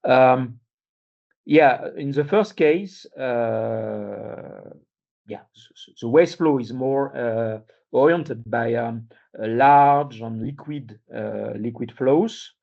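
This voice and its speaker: Halting gravelly-voiced man presenting. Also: medium pitch. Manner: halting, many fillers and restarts. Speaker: conference speaker. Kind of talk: presentation at a workshop. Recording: dull muffled sound.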